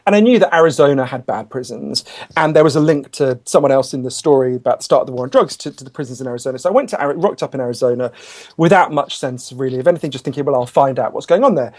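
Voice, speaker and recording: A man, a guest author in a podcast interview, telling stories in a quick, chatty, animated way with self-deprecating asides. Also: mid-range voice. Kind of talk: conversational interview storytelling.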